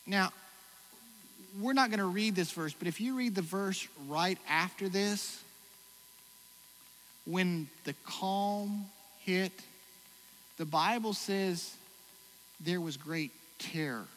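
A pastor preaching a sermon in a high, bright, forceful voice. He swings between loud exclamations and hushed, reflective passages. The sound rings with long hall reverb over faint background noise. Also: slow, long pauses.

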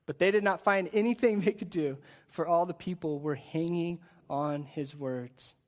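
A man delivers a sermon at a church service, and his voice sits a little high for a man. He speaks with energy and a chatty, conversational pull, often repeating words as he builds his point. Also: normal speed. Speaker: guest pastor.

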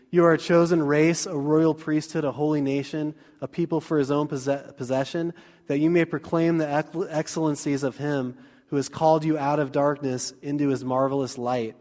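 Man preaching in a reverberant church. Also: fairly high pitch. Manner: casual, joking, energetic preaching. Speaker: pastor. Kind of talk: sermon. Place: church sanctuary.

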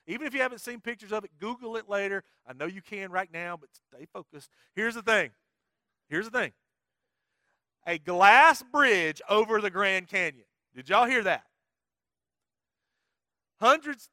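A man's voice: high-pitched, bright, forceful tone, no echo, clean studio sound. A middle-aged male pastor, preaching emphatically and quizzing his congregation. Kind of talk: sermon.

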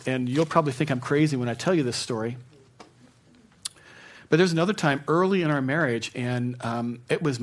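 Fervent storytelling male preacher, higher voice. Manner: personal storytelling, swings from hushed to fervent. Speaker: pastor. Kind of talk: sermon.

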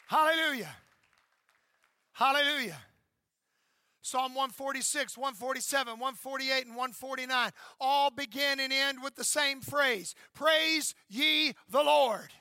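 A male pastor in his fifties preaching a fervent sermon in a church, shouting and calling out to the congregation. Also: very high-pitched, measured pace, clean tone, no echo, studio quality, a faint crowd. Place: church sanctuary.

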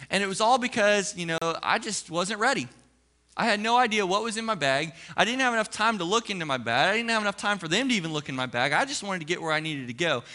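With a high voice, a man preaching as a pastor relates a personal anecdote, dramatizing each line of dialogue before he moves into scripture.

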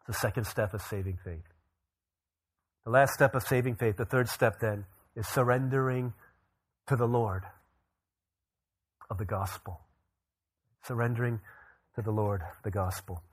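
A man's voice: fairly low pitch, unhurried, long pauses, husky. A man in his thirties preaching a sermon in a conversational, storytelling way. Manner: conversational storytelling, frequent fillers and restarts. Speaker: pastor. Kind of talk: sermon with personal anecdote.

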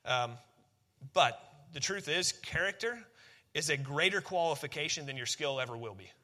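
Man, pastor, sermon, conversational, emphatic, very bright tone. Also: on the high side. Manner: conversational, emphatic, repeats key phrases.

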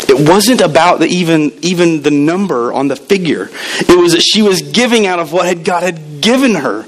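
A man preaching to a congregation, his pitch sitting a little above the usual for a man. He tells stories and jumps in and out of the voices of the people he quotes, his delivery lively and shifting. It sounds like a church service. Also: normal speed, rough recording. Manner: animated storytelling with acted quotes. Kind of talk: sermon.

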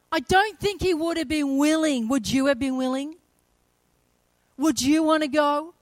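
A woman delivers a sermon, retelling a story with dramatic flair and voicing its characters. Her voice sits high. The sound is dry and close, with little room echo. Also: fairly bright tone. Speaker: preacher.

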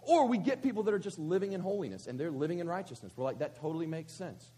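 Man, pastor, sermon, high husky voice, conversational, rhetorical questions. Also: very animated, racing, dark tone. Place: church service.

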